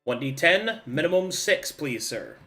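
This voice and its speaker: A man's voice: a little high, very animated, measured pace, sharp tone, soft background music. A man acting as game master, playfully guiding a player through a level-up in a tabletop game. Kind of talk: running a tabletop game session.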